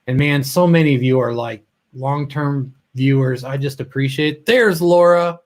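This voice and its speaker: A man's voice: mid-range voice, moderate pace, a little mellow. A man hosting a casual live stream, greeting viewers by name, a little choked up and often trailing off mid-sentence. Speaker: livestream host.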